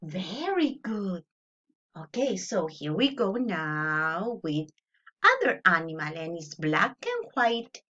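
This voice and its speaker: A woman teacher giving a playful online lesson to young children, slow and animated, imitating animal sounds. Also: fairly low pitch, husky, muffled recording.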